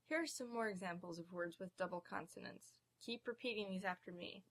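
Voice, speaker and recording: Lady teacher doing a video lesson, clear and measured, slows down on example words. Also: mid-range voice, a bit bright. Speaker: language teacher.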